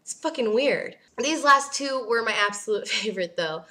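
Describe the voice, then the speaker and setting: A woman's voice: fairly high pitch, lively intonation, moderate pace, hardly any pauses, sharp tone. A young woman vlogging casually, ranting bluntly and sarcastically, swearing and laughing as she answers viewer questions.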